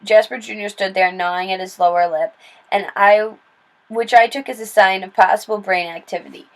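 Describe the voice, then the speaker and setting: A woman reading a children's novel aloud in steady, plain storytelling with small slips and restarts. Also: mid-range voice, normal speed, rough recording. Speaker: read-aloud narrator.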